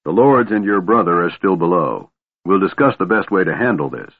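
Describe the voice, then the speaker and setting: A man voicing a gruff, crotchety old male dwarf who talks stubbornly, on a tinny phone-like recording. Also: deep voice, lively intonation, brisk, exaggerated voice. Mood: cautious.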